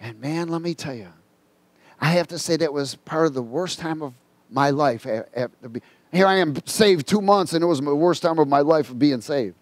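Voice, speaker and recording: A man preaching a sermon, telling a personal story in a folksy, colloquial way and reading scripture slowly and emphatically. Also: on the high side, dry recording.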